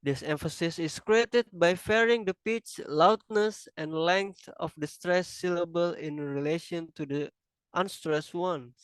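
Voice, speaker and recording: Slow halting man giving a class presentation. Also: on the high side, clear, resonant tone, no echo, poor audio. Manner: halting, self-correcting, non-native phrasing. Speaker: student presenter.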